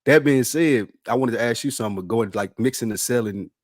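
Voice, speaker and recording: A man co-hosting a podcast in casual chat, telling stories with animated, indignant outbursts. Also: a little fast, dry recording, studio quality. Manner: animated storyteller, jumps high when indignant. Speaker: podcast co-host.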